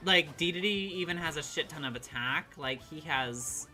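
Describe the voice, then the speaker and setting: Woman, streamer, casual excitable chat, very bright voice, faint background music. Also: low-pitched, normal speed. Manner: excitable, chatty, reacts to chat, swears casually. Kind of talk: casual live-stream chat while gaming.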